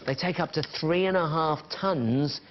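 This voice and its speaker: A man's voice: a little high, measured pace, dull audio, noisy background. A man presenting live on a shopping channel, chatting and counting down falling prices. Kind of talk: live TV sales pitch. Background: music.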